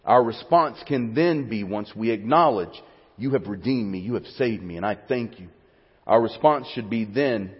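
A man's voice: lowish voice, animated, normal speed, husky. Man preaching in a reverberant church. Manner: builds to fervent, rising pleas, then drops to quiet teaching. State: near tears. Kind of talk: sermon. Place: church sanctuary. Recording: dull sound with long hall reverb.

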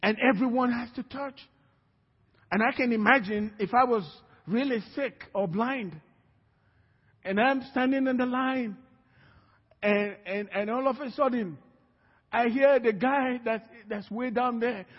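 A man preaching a sermon as pastor, telling the story in a lively way and acting out scenes in different voices. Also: very high-pitched, unhurried, pauses often, breathy edge. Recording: reverberant hall, dull sound.

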